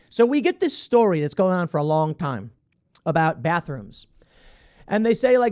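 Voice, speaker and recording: A man hosts a commentary show, reading out a news story and breaking off into sarcastic, mocking asides. His voice sits fairly high and swings widely in pitch. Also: sing-song, moderate pace, darkish tone. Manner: sarcastic, mocking, acts out imagined dialogue. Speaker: show host.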